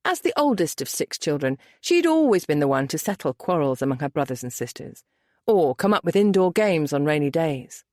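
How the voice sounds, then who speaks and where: Lively, low-pitched woman narrator. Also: fairly quick, no room sound, studio quality. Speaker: audiobook narrator. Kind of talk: scripted romance narration.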